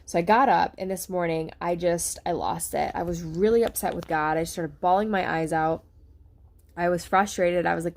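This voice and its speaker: Sitting on a couch at home, a woman vlogger talks to the camera about a health experience in a casual, rambling way, with many fillers and restarts. Her voice is fairly low with vocal fry, and she speaks at a normal speed.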